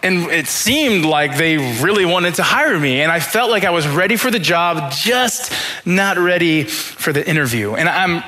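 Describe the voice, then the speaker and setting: A young man, a high school pastor, preaching a sermon through funny, self-deprecating stories and acting out his own thoughts in quotes. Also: pushed and bright. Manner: humorous self-deprecating storytelling.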